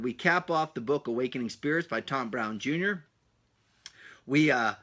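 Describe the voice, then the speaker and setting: A man hosting a solo podcast, talking in an energetic, rambling way with punchy asides and a slightly breathless edge. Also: medium pitch. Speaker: podcast host.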